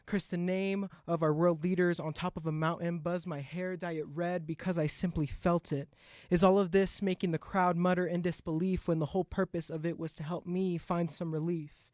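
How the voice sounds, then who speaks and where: A man's voice: high-pitched, steady tone, moderate pace, darkish tone, no room sound. A man performing an impassioned, rhythmic spoken word poem at a live open mic, into a stage mic. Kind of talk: spoken word poetry recital.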